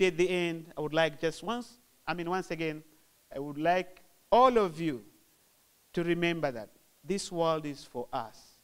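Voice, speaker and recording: A man with a Tanzanian accent giving a measured, formal speech to open a conference, repeating his phrases. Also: on the high side. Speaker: guest of honour opening a conference.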